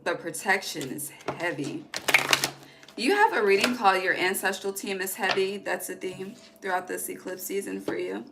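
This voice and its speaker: A woman's voice: mid-range voice, moderate pace, heavy background noise. A woman giving a casual tarot reading, chatty and emphatic, swearing freely and talking straight to her viewers. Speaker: tarot reader.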